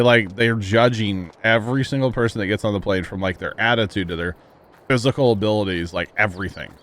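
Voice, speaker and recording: A man's voice: on the low side, fairly bright tone, slight background noise. A man casually chatting with his viewers while playing a farming game, rambling and laughing at himself. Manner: rambling, talks to chat, chuckles at himself. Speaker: livestream gamer.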